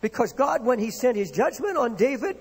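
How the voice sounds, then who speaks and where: A man's voice: very high-pitched, very animated, brisk, breathy edge, in a large hall. A man preaching a sermon in an impassioned, dramatic way, acting out the words of the people in his stories. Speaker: pastor.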